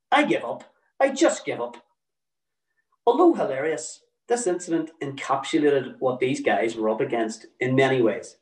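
A man's voice: a little high, a little mellow, reverberant, far from the mic, rough recording. A man telling a personal story in a dry, wry way, acting out quotes. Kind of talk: told personal story, read aloud.

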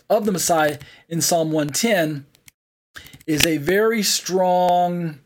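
A man with a somewhat high voice leads an online Bible study lesson. He reads passages aloud and breaks off often with fillers and restarts to explain them. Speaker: Bible teacher.

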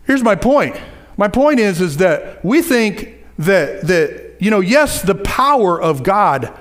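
A man with a high voice preaches a sermon in a lively way. He repeats phrases for emphasis and drops in casual asides to his listeners. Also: slow. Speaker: pastor.

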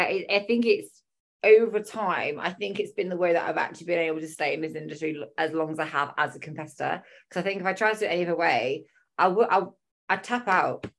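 A young adult woman chatting casually, telling lively stories and acting out what people said, swearing freely. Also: lowish voice. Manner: animated storytelling, acting out quotes. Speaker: fitness competitor. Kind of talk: casual chat.

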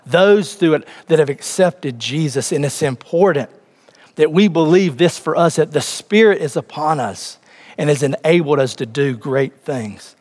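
A man's voice: on the high side, measured pace, a little mellow. Man preaching in a reverberant hall. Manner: preaching with rising emphasis, addressing the congregation directly. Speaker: pastor. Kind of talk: sermon.

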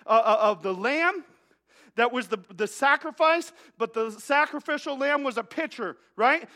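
Guy preaching a sermon, really high voice, bright and punchy, lots of rhetorical questions and repeats, trips over words now and then. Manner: emphatic, with rhetorical questions and repetition; stumbles and restarts mid-phrase. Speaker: pastor.

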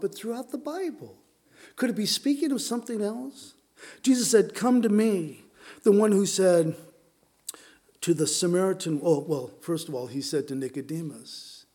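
With a slightly high, mellow voice, a middle-aged pastor from Southern California delivers a sermon through personal stories, keeping it conversational and heavy on fillers.

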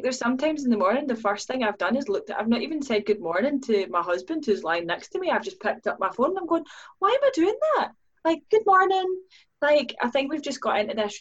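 A woman who owns a business speaks earnestly as a guest in a podcast conversation, voicing her own inner questions in livelier tones. Her voice is mid-range and the sound is lo-fi.

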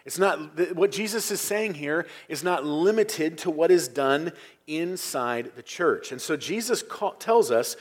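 A man's voice: on the high side, lively intonation, a little slow. A man preaching a Sunday sermon as pastor, earnest and emphatic, stressing key phrases and sometimes dropping to a near whisper. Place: church sanctuary.

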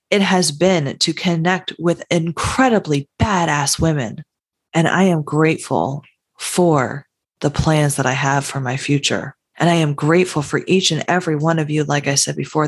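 Husky, heartfelt woman podcast host. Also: deep voice. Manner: earnest, heartfelt, emphatic. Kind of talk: solo podcast monologue.

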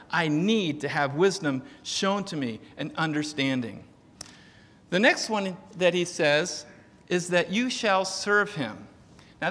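Guy preaching, chatty storyteller, pokes fun at himself, high bright voice, big church echo. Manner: conversational, storytelling, self-deprecating humor. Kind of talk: sermon. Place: church sanctuary.

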